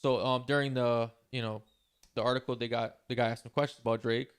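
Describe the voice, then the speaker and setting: A man hosting a podcast in casual chat, animated and heavy on "yo" and "like". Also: mid-range voice, a little fast, smooth. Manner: animated, peppers speech with "yo" and "like". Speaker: podcast host.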